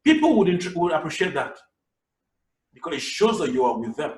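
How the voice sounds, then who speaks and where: A man giving a lively public speaking lesson in a webinar, swinging between loud bursts and whispers. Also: fairly high pitch, fairly quick, a little hiss or hum. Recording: echoey room, somewhat distant mic.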